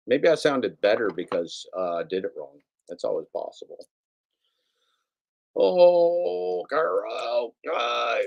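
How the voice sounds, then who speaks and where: Profane, rambling male livestream host. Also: fairly low pitch. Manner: profane, self-mocking, rambling with repetitions. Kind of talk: casual rambling livestream talk. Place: home setup with computer.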